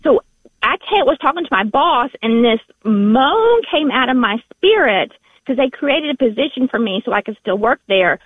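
Southern lady calling in, high voice, tinny phone line, earnest and halting. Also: expressive, dry recording. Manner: earnest, halting, repeats words. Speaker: radio caller. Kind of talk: call-in radio chat.

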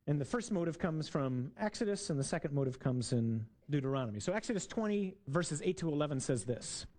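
Priest preaching, kinda high voice, loose jokey storytelling vibe. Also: male voice, lively intonation, a little fast, darkish tone. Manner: conversational, jokey storytelling with asides to the congregation. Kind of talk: sermon.

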